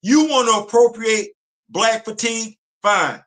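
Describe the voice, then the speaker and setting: Male live-stream host, bright edgy tone, emphatic ranting commentary. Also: high voice, unhurried. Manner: emphatic, repetitive, street slang and rhetorical questions. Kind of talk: impassioned commentary. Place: home studio on a live stream.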